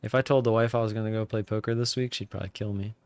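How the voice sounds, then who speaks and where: A man's voice: on the low side, fairly even intonation, very fast. Chatty man hosting a live stream. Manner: chatty, jumps to loud cheering.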